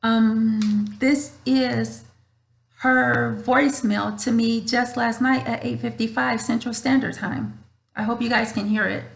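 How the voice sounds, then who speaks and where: A woman's voice: a little high, steady tone, takes it slowly, gravelly. A woman host talking to her viewers from home in an earnest, emotional way, often repeating herself. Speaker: channel host. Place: home room with a dryer running. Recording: roomy echoey room.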